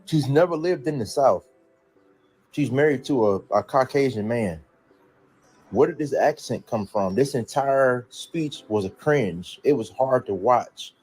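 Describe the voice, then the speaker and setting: A man's voice: mid-range voice, lively intonation, unhurried, a little mellow, breathy edge, faint music behind. A man giving an exasperated, indignant opinion rant in casual commentary.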